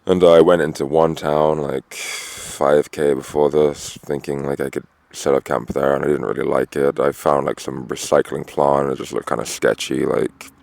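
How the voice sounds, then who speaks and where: Man, very deep voice, gravelly, tired, dehydrated, rambling, swearing, outdoors. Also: little pitch movement, moderate pace, hardly any pauses, darkish tone, no room sound. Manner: rambling and rough, with heavy filler and swearing. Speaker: vlogger on a long walk. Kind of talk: rambling casual monologue. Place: outdoors at a roadside camp.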